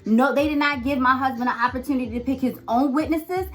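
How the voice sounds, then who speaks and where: A woman's voice: high-pitched, quick pace. A woman telling an emotional personal account in an insistent, indignant manner. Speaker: wife of interviewee.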